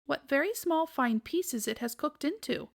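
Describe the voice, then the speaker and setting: A woman voicing a polite, anxious female dog at a storybook tea party, talking in a hurried, flustered way. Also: high voice, expressive, creaky, pitched above the performer's own voice. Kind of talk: storybook read-aloud.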